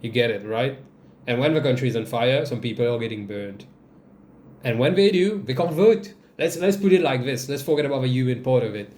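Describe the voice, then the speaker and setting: A man's voice: medium pitch, fairly quick, a little mellow, echoey room. A man hosting a podcast, giving casual, sarcastic political commentary and laughing at his own jokes. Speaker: podcast host. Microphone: desk mic.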